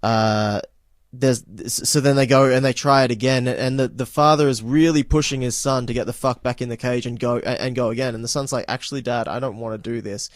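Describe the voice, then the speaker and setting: A man's voice: medium pitch, steady tone, brisk, dry recording. Rambling man on a podcast, dry sound. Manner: rambling, lots of fillers and laughs. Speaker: podcast host. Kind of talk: casual podcast chat.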